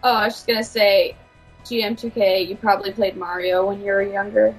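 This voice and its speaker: Woman, from California, podcast host, husky, giggly, self-conscious, casual chat. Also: medium pitch, level tone, fairly quick, faint music behind, rough recording. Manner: giggly, self-conscious, restarts her intro.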